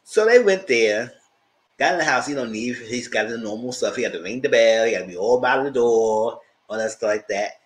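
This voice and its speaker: Guy doing a chatty tv recap, pitch jumps all over, squeaky voices when he quotes folks. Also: fairly quick, low-quality recording. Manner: animated storytelling, acting out quotes in a squealing high voice; loud laughs and shouted asides. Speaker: TV show reviewer. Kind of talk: casual recap commentary.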